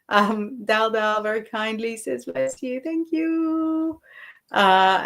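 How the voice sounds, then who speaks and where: A woman hosting a live tarot stream, talking through the cards at an unhurried pace with frequent ums and reading viewers' comments aloud. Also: fairly low pitch, a bit bright. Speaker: psychic and tarot host.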